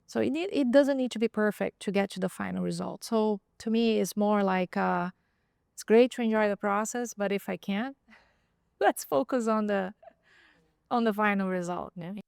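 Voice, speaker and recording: A woman's voice: mid-range voice, moderate pace, creaky, darkish tone, clear, resonant tone, no room sound, studio quality. A woman who is a podcast guest, talking reflectively and a little hesitantly in a casual roundtable chat. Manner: reflective, hesitant, with frequent ums.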